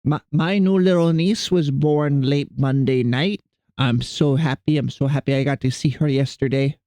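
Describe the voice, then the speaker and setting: A man's voice: medium pitch, steady tone, normal speed, dark tone, no room sound. A man streaming and chatting casually with his viewers, rambling and self-deprecating as he greets people in chat.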